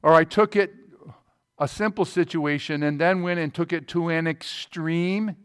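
A man's voice: a little high, steady tone, a little slow, smooth. A man in his sixties preaching a sermon as a pastor, telling a personal story and often checking in with his listeners.

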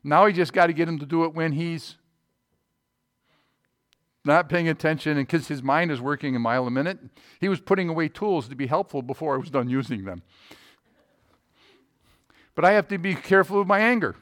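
A man's voice: fairly high pitch, fairly quick, pauses often, fairly bright tone. Older male pastor, storytelling sermon. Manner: anecdotal, checks in with listeners.

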